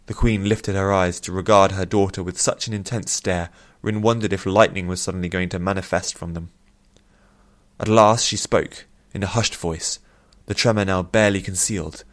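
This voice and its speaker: A man narrating a fantasy audiobook with measured, steady storytelling. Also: sits low.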